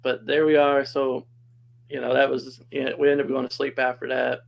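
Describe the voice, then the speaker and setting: A man's voice: mid-range voice, completely flat delivery, normal speed, vocal fry, a little hiss or hum, low-quality recording. A man casually telling a personal story as a podcast guest, chatty and laughing often.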